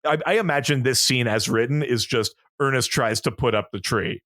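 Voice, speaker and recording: A man hosting a casual movie podcast, animated and laughing often as he recaps scenes. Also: mid-range voice, no echo, studio quality. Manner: animated, laughs often, puts on quick character voices. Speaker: podcast host.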